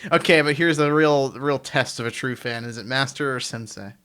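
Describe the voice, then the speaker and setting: A man's voice: medium pitch, normal speed, sharp tone. A man hosting a casual fan podcast over a call, teasing his co-hosts in joking banter. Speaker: podcast host. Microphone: own mic on a voice call.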